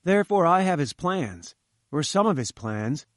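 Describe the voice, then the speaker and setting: Breezy, self-assured male reporter, brisk and knowing, read by a man. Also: fairly high pitch, big pitch swings, no room sound, clean studio sound, voice pushed up. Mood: confident.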